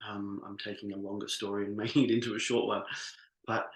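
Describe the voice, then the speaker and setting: A middle-aged man coaching a live workshop, earnest and heartfelt, who often stops and restarts his sentences. His voice sits fairly low. The room has a noticeable echo. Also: level tone, a little fast. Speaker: business coach. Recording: echoey room.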